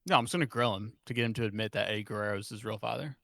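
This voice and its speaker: A man co-hosting a podcast, chatting casually, rambling and joking and quick to laugh. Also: lowish voice, vocal fry, fairly bright tone, dry recording, studio quality. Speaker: podcast co-host. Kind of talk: casual chat.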